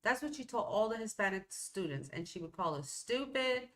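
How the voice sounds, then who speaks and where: A woman's voice: medium pitch, expressive, normal speed, a bit bright. A woman in her fifties, a podcast host, telling personal stories in a rambling, conversational way with frequent restarts. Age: 50s. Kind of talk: personal storytelling monologue.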